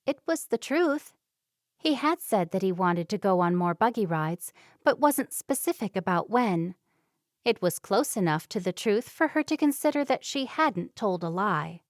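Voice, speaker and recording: A woman reads a romance novel aloud in an even, measured way, with a mid-pitched voice. The recording is dry and close. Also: no room sound. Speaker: audiobook narrator. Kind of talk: scripted narration.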